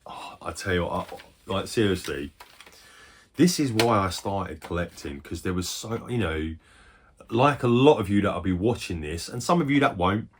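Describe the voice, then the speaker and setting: Low husky-voiced man in his forties. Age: 40s. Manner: rambling and chatty, swears freely, quick bursts of excitement. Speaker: retro game collector. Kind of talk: casual chat.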